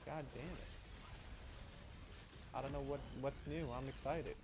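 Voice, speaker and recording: A male streamer chatting with his viewers, rambling and cursing, often trailing off mid-sentence. His voice sits at an ordinary middle pitch, with a constant hum of background noise behind it. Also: measured pace. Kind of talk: casual livestream chat.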